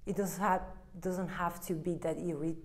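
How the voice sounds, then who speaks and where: A woman with an Italian accent gives a direct-to-camera tarot reading in broken English, her voice on the low side, steady, darkish, and at normal speed. She's a tarot card reader who is blunt and emphatic, acting out the listener's inner voice.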